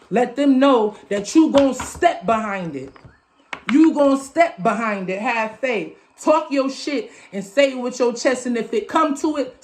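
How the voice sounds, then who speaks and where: A young adult woman with a slightly high voice talks straight to her viewers as a tarot reader. She is loose, emphatic and profane, and chants the same phrases again and again in a casual motivational chat. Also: a little mellow.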